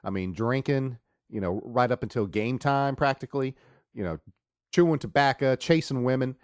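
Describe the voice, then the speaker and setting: A man's voice: mid-range voice, no echo, studio quality. Man hosting a rambling sports podcast. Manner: loud, drawn-out show opening; joking, rambling storyteller. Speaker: podcast host. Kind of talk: casual sports monologue.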